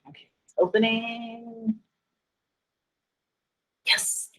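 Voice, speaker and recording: A woman's voice: fairly high pitch, fairly even intonation, extremely slow, fairly bright tone, rough recording. A woman chemistry teacher giving a class lecture, chatty and self-deprecating, getting flustered by tech trouble.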